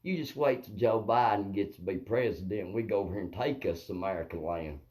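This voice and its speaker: A man voicing a conniving male cartoon wolf who plots in a low, hushed voice. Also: a little fast, natural voice. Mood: scheming.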